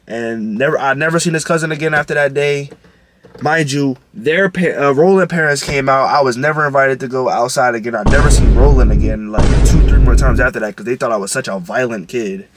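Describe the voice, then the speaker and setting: A young man telling a casual storytime vlog in a slangy, rambling way, full of fillers. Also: medium pitch. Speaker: vlogger.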